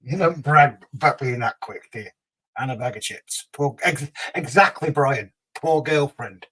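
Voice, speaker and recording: A man's voice: medium pitch, lively intonation, measured pace, a bit bright, husky, low-quality recording. A man hosting a casual livestream, reading out viewer comments and teasing them in a chatty way. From Scotland. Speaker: livestream host.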